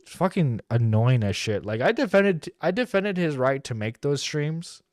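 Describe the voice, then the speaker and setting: A man's voice: fairly high pitch, very animated, unhurried, darkish tone, no room sound. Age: adult. Sex: man. Role: internet radio host. Style: casual live-stream commentary, profane and rambling, dry close mic.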